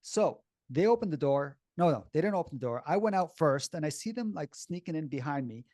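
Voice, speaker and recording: Man, podcast host, casual storytelling, blunt and animated, shaky and upset, slightly high voice, dry close sound. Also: brisk, no room sound. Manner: animated, blunt, swears freely. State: shaky and upset while recalling.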